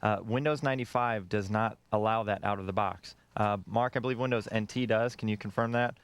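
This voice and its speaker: A man who is a talk show's tech regular, explaining things in a measured, technical way. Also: fairly low pitch, steady tone, clear, resonant tone, no room sound. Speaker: tech regular called Gadget. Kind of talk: live talk show explanation.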